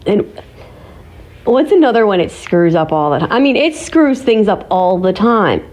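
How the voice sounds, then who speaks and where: A woman's voice: medium pitch, very animated, normal speed, darkish tone. A woman from Ohio chatting casually to her viewers, giggly and teasing as she talks. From Ohio, USA. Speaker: vlogger. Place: home.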